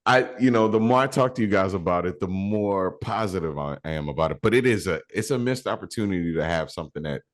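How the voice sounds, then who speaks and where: A man co-hosting a podcast, chatting casually about movies, animated and swearing freely. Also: sits low, quick pace, few pauses. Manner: animated, swearing, mock New York voices. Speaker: podcast co-host.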